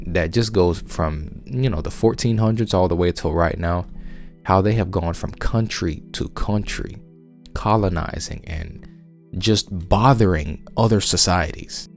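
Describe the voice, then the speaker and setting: A low-pitched American man with a Southern US accent hosts a podcast, giving a conversational Bible teaching a little slowly over soft background music. He is emphatic and insistent, frequently restarting his sentences.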